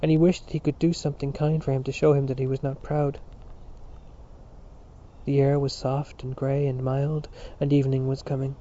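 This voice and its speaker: A man reading a novel aloud as narrator in a measured storytelling manner. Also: mid-range voice, level tone, dark tone, slight background noise. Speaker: audiobook narrator. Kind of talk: scripted narration. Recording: dull lo-fi recording.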